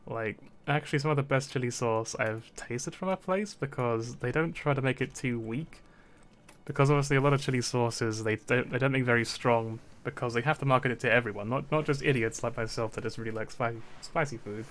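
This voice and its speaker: A man's voice: medium pitch, brisk. A young man from Britain, streaming and chatting casually, rambling and repeating words, with frequent laughs. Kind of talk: casual chat.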